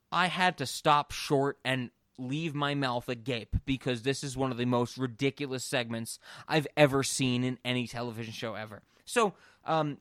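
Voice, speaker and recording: A man hosting a podcast in casual chat, rambling and animated with lots of fillers and free swearing. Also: a little high, no room sound, studio quality. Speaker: podcast host.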